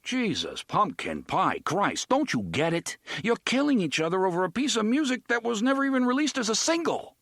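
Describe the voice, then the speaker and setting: A man reading aloud, voicing a blunt young man who talks in rapid, exasperated outbursts. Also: mid-range voice, animated, fairly bright tone, no echo, clean studio sound, voice pushed up.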